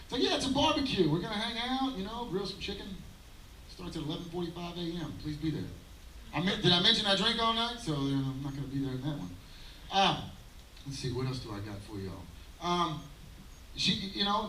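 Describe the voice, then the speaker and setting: A man, doing a rambling, self-mocking stand-up set with halting fillers at an outdoor daytime show. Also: high-pitched, bright, forceful tone, slight background noise. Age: 30s. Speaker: stand-up comedian. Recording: roomy live sound from a distance.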